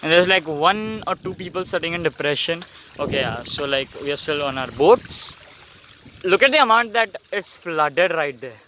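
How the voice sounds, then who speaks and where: A young man with an Indian English accent, vlogging outdoors while riding a bicycle through flooded streets, excitable and swearing a lot. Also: fairly high pitch, normal speed, slight background noise. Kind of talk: casual vlog commentary.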